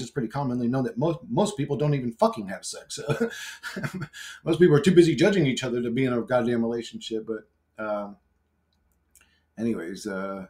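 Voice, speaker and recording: A man's voice: on the high side, a little mellow. A man talking in a casual vlog monologue. He is brash, swears constantly, rambles and laughs often. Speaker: YouTuber.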